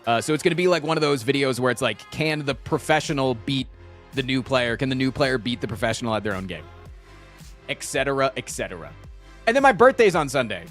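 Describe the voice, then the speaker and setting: A man's voice: mid-range voice, animated, a little fast, a bit bright, faint music behind. Joking, profane young streamer guy. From Virginia. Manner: jokey, profane, mock-indignant rants. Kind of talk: casual live-stream chat.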